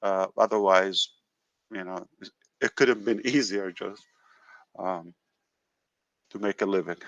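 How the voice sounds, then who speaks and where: A man hosting a live call, talking in a halting way with many fillers and restarts. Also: deep voice, steady tone, fairly bright tone, dry recording, dull audio. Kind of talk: casual live call talk.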